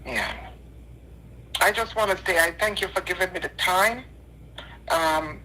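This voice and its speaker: A woman's voice: fairly low pitch, a little slow, pushed and bright, slight background noise. A tearful woman calling in on a phone line, talking in an earnest, repetitive, preacherly way. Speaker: caller. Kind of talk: emotional call-in apology.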